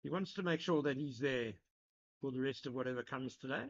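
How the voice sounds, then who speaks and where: A man giving live cricket commentary, measured and analytical, chatting with his co-commentator. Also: mid-range voice. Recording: lo-fi broadcast sound.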